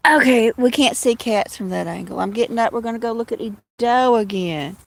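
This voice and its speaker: A woman's voice: fairly high pitch, fairly quick, gravelly, no room sound. A woman hosting a casual phone livestream outdoors, chatting to her cats and viewers in a rambling way. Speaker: livestream host. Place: outdoors with kittens, walking to a field.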